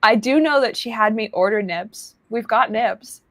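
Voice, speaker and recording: A woman's voice: fairly high pitch, normal speed, fairly bright tone, no room sound, studio quality. A woman hosting a casual podcast chat, rambling and laughing easily with lots of fillers. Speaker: podcast host.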